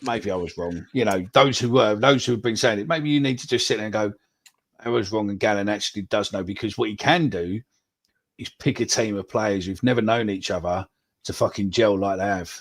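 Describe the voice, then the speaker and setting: On this live football podcast, a co-host with a lowish voice speaks briskly, casually and bluntly, cursing without restraint.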